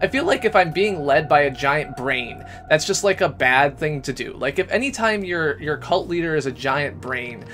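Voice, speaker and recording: A man's voice: on the high side, expressive, normal speed, few pauses, a bit bright, faint music behind. A man streaming a game live, chatting casually into a desk microphone in a rambling, self-deprecating way. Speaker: gaming streamer. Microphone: USB desk microphone.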